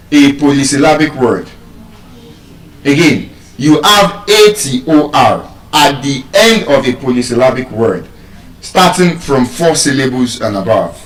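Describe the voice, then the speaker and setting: A Nigerian man teaching English word stress to a live audience, animated and quizzing the crowd with questions. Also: medium pitch. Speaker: public speaker teaching pronunciation. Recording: echoey hall, voice from far off.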